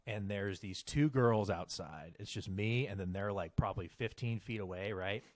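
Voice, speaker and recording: A man's voice: fairly low pitch, normal speed, no room sound, clean studio sound. A young man telling a story on a casual podcast, swearing often and growing exasperated as he goes on. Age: young adult. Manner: animated, swearing, exasperated ranting. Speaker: podcast co-host.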